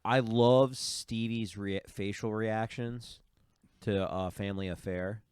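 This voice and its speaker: A man's voice: lowish voice, steady tone, slow, darkish tone, clear, resonant tone, no echo, clean studio sound. A man co-hosting a casual podcast, easygoing and rambling. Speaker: podcast co-host. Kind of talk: casual group podcast chat.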